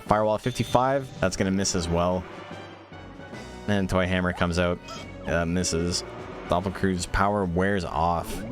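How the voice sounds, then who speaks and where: A man giving casual play-by-play commentary on a monster-raising game tournament, chatting quickly and answering questions from chat. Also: low voice.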